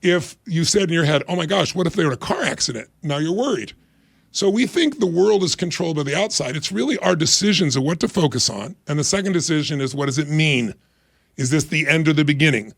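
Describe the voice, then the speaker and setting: Energetic man in his 60s, kinda high voice, gravelly, acts out little quotes, dry close mic. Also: fairly quick, dry recording. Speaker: guest. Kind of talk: motivational interview talk.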